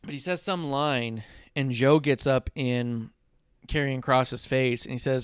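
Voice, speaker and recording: A man hosting a podcast, retelling a wrestling show with lively swearing and acted-out quotes. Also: medium pitch, unhurried, clean tone, dry recording, clean studio sound. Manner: animated retelling, voicing characters and swearing. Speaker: podcast host. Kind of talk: casual wrestling recap chat.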